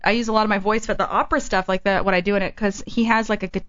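Chatty Texan woman, smooth voice. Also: medium pitch, racing, no echo, dull audio. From Texas. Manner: chatty and animated, bursts into song demonstrations. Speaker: singer, interview guest. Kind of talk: casual interview chat.

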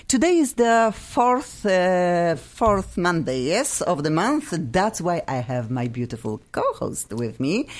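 A woman hosting a live radio talk show, effusive and excitable, talking with bursts of laughter from a radio studio. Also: low voice.

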